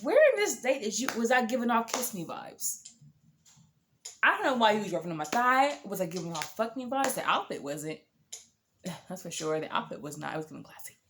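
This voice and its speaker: A woman's voice: medium pitch, brisk, slight background noise. Sassy young woman telling a storytime. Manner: animated, sassy, swears freely. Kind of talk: casual storytelling to camera.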